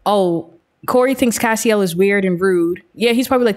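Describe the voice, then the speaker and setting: A woman hosting a let's-play, giving chatty, excitable commentary as she tells her game's story. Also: a little high, fairly quick, hardly any pauses. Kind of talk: casual gameplay commentary.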